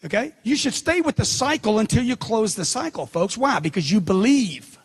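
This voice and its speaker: A middle-aged man delivers a seminar speech in a high, husky voice. He is punchy and emphatic and hammers points home by repeating them. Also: lively intonation, moderate pace. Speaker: motivational speaker.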